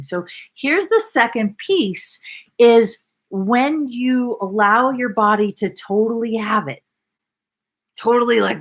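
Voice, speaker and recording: A woman coach talking to a live online audience, reading out viewer comments and speaking with animated, emphatic bursts and exclamations. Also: fairly high pitch, normal speed.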